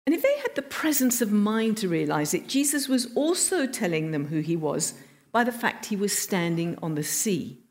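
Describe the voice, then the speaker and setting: A woman preaching a sermon, telling a story expressively with emphatic pauses. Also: mid-range voice, big pitch swings, a little mellow.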